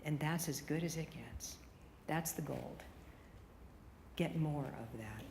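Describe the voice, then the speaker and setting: A woman delivers a keynote to broadcasters in a large hall, with a long reverb trailing her words. Her voice sits a little low for a woman, and she drives her points with punchy, rapid-fire rhetorical questions. Faint room ambience hums underneath. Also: darkish tone, a little hiss or hum. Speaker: radio consultant giving a keynote. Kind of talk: conference keynote.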